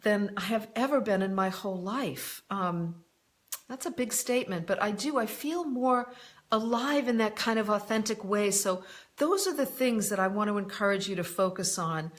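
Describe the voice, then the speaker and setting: A woman life coach talking through viewer questions in a live online stream. She is frank and direct, often names the person she is answering, and fills pauses with "um" and "you know". Her voice sits at an ordinary middle pitch. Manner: candid and direct, addresses viewers by name, frequent "um" and "you know". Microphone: live online broadcast.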